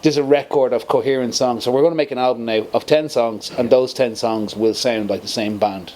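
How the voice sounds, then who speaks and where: Middle-aged man, musician, animated anecdotes, mid pitch, faint room hum behind. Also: fairly quick. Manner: animated storytelling, laughs often. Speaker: band guitarist. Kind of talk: casual interview chat.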